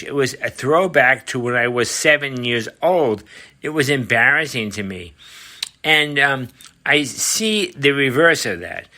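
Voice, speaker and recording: An older American man hosts his own show and talks straight through a political commentary monologue. He is emphatic and leans on repeated phrases, with plenty of fillers along the way. His voice sits at a middle pitch with a bright, forceful edge. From United States. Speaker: show host.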